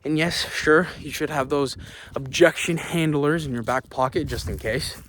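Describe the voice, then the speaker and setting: A man's voice: fairly high pitch, moderate pace, fairly bright tone, a little hiss or hum. A man giving casual sales coaching while walking outdoors on hilly ground, emphatic and repetitive, checking in with "okay?" and "right?". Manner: emphatic, repeats words, frequent "okay?" and "right?"; talking while walking, puffs between thoughts.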